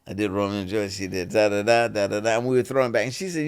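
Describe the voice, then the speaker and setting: A man, an actor guest in an interview, telling relaxed anecdotes and acting out the voices of the people in them. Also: fairly low pitch, very fast, smooth. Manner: animated, acts out quoted voices in stories; relaxed and conversational, with "you know" fillers.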